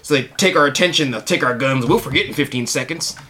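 A man's voice: mid-range voice, fast, sharp tone, natural voice. A man voicing a paranoid male conspiracy theorist with a Southern Texas accent, ranting.

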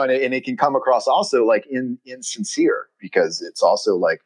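A man's voice: fairly low pitch, brisk, few pauses, poor audio. A man talking as an interview guest in a rambling, reflective way, full of fillers and restarts. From United States. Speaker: guest, watch industry professional. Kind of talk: conversational interview.

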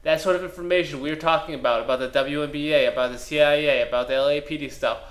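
A man co-hosting a comedy podcast, rambling and deadpan as he riffs on an imagined movie. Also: a little high, rapid-fire. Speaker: podcast co-host. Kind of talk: casual comedic chat.

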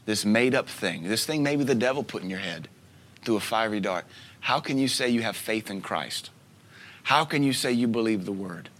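A man in his thirties preaching a sermon as a pastor, telling stories with soft asides and sudden loud bursts. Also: lowish voice, lively intonation, moderate pace. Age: 30s.

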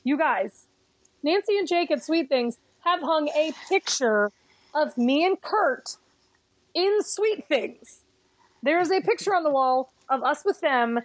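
A woman co-hosting a podcast in casual chat, telling anecdotes in an animated, playfully boastful way. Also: high-pitched, measured pace, no room sound. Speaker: podcast co-host.

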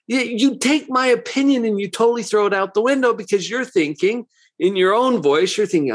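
Man, psychologist, motivational talk, very animated intonation, rhetorical questions. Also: sits high, a little fast. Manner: rhetorical questions, conversational and emphatic.

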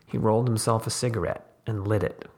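A man narrating a literary short story in a measured, deliberate delivery. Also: on the low side, steady tone. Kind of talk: story reading.

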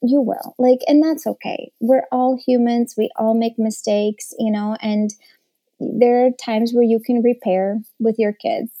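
A young woman talks through parenting tips in a loose, chatty way, full of fillers. Her voice is gravelly and mellow, sitting a bit high. She sounds encouraging and reassuring. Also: steady tone, a little slow. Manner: warm encouraging, many fillers. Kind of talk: casual advice chat.

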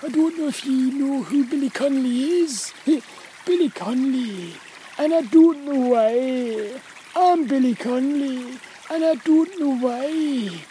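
A booming, drawn-out Scottish comedian bellows slowly in a raised, mellow voice, put on by a speaker out walking. The delivery is sing-song and deliberate, with a faint trickle of stream water behind it. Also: a little hiss or hum, poor audio. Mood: playful. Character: comic impression of a Scottish comedian. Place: outdoors in woods by a river.

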